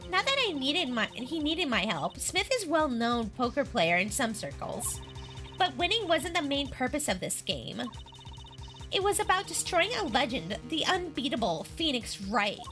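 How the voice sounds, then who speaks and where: A woman's voice: sits high, big pitch swings, normal speed, pushed and bright, soft background music, full character voice. A woman voicing a brash young female card dealer and con artist in a Valley Girl voice. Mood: boastful.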